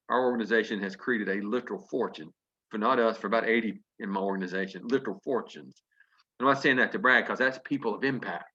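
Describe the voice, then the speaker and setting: A man telling a folksy story to an audience, lively and chuckling as he acts out what people said. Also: fairly low pitch. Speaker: business testimonial speaker. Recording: dull lo-fi conference call audio.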